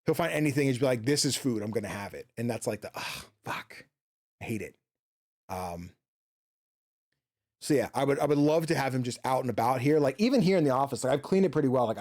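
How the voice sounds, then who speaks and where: A gaming streamer plays a video game from his home office, chatting casually in a mid-range, slightly mellow voice. He rambles and swears, with plenty of fillers and restarts.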